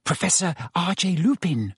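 A clever, know-it-all teenage girl witch with a raised voice, hushed and matter-of-fact, as a man puts her on. She answers briskly, in a storybook reading with a close, dry sound. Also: high-pitched, lively intonation, husky, dry recording, pitched above the performer's own voice, exaggerated voice. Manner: quick, whispered, matter-of-fact.

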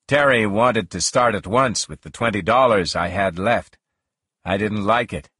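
Slow husky male audiobook narrator. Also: lowish voice, dry recording, studio quality. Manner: slow, measured, expressive reading. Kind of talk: first-person novel narration.

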